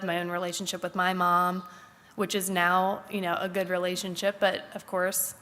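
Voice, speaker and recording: A woman's voice: lowish voice, fairly bright tone. Candid woman speaking in a reverberant church. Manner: candid, thoughtful, halting with fillers. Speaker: congregant sharing a Mother's Day reflection. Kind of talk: personal talk at a church service. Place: church sanctuary.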